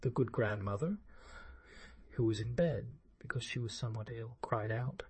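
A man narrates a fairy tale in a measured, expressive way. His voice is dark and mellow, recorded close and dry with no room sound. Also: mid-range voice, slightly rough, dry recording. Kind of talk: storybook reading.

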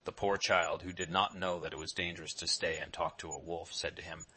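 A man with a very low, forceful, bright-edged voice reading a fairy tale aloud. He tells it in a measured, expressive way, with clear, deliberate phrasing. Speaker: storyteller.

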